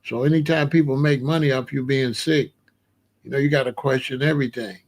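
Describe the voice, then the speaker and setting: A man in a casual monologue, talking in a slangy, emphatic way and reacting with animated disbelief. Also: medium pitch, a little fast. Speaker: vlogger.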